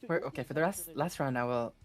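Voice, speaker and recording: A woman's voice: very deep voice, quick pace, faint music behind. A woman with a French accent co-commentating a tournament in casual, teasing chat, often hesitating mid-sentence. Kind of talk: casual live-stream chat.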